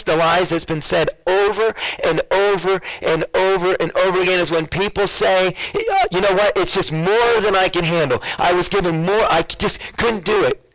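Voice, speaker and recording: High, gravelly-voiced male preacher. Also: a bit bright, low-quality recording. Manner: preaching, calling out to the congregation. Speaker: pastor. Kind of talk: sermon. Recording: radio broadcast of a church sermon.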